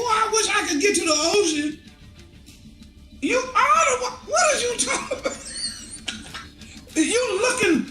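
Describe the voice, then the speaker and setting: A man preaches an impassioned street sermon, often shouting and laughing as his voice swings between high and low. The sound is reverberant.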